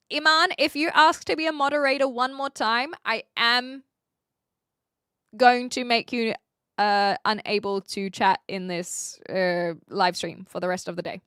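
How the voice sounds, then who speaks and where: Bright-voiced New Zealand woman streamer. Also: a little high, clean tone, dry recording, studio quality. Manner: chatty and upfront, laughs often. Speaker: live streamer. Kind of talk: casual live-stream chat answering viewers.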